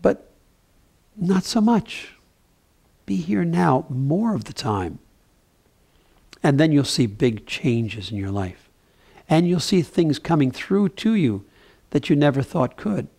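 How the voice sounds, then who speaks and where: A man giving a gentle, conversational mindfulness talk with playful asides. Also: fairly high pitch, sing-song, takes it slowly, vocal fry, pauses often, husky. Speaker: spiritual teacher.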